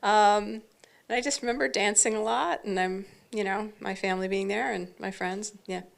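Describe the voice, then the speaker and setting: A woman's voice: medium pitch, fairly even intonation, normal speed, vocal fry. A woman, an actress and panel guest, telling anecdotes in a chatty, casual way full of fillers like "like.".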